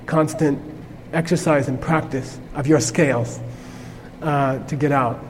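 A man with a somewhat high voice teaches a class in a loose, conversational way, often pausing to check in with his listeners. The room has long reverb and a faint hum of ambience behind him. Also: fairly even intonation. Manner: conversational, peppered with "okay?" checks. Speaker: Buddhist teacher. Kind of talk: informal class lecture.

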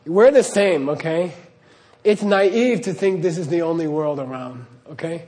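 Unhurried and a little high, with a dark tone, this male spiritual teacher delivers a sincere talk to listeners. He often adds "okay?" to check in and laughs as he recounts stories.

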